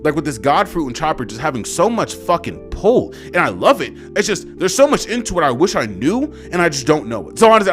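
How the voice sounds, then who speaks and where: A man's voice: on the high side, fairly bright tone. A young man casually reviewing a manga chapter, rambling and profane with lots of fillers and slang.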